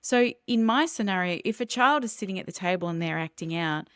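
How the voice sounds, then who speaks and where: Low-voiced woman explaining parenting. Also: animated, a little fast, smooth, no echo, studio quality. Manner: earnest, explanatory, with vivid role-played examples. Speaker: parenting educator guest. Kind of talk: podcast interview.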